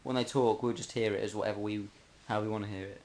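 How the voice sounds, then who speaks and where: A man's voice: lowish voice, fairly even intonation, quick pace, a little mellow. A young man from England in casual chat, joking and laughing a lot while trying out silly accents. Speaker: podcast co-host. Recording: roomy home recording.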